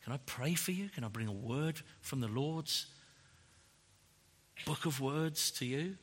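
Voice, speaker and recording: A man preaching a sermon, emphatic and animated, often tagging rhetorical questions onto his points. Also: mid-range voice, measured pace, husky. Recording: long hall reverb.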